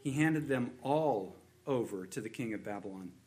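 A man's voice: mid-range voice, lively intonation, normal speed, darkish tone. A man preaching a sermon, earnest and repetitive, building emphasis on key points. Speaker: pastor.

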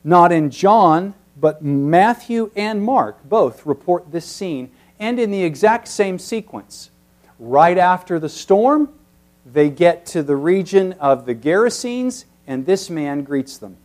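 A man preaching an expository sermon, teacherly, with emphatic peaks that drop to very soft passages. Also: high voice, animated, slow.

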